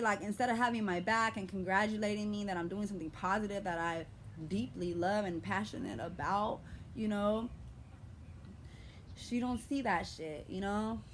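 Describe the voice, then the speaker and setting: A young woman with an American urban vernacular accent vents in a vlog at home. She is passionate and blunt, with heavy profanity and an aggressive, strong delivery. Her voice sits at an ordinary middle pitch over faint background noise. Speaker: vlogger. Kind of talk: emotional vlog rant.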